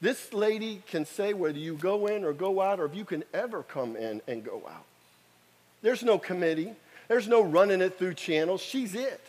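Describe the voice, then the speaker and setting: A man's voice: sits high, lively intonation, moderate pace, a little mellow, slightly rough. A man in his fifties preaching a sermon, telling a story with emphatic, repetitive exhortations. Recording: echoey hall reverb.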